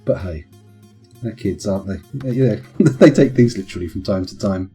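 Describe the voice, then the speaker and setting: A man's voice: fairly low pitch, normal speed, dark tone, faint music behind. A man with children, chatting casually and rambling into punning tangents while streaming a game. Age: adult with children. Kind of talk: casual live-stream commentary.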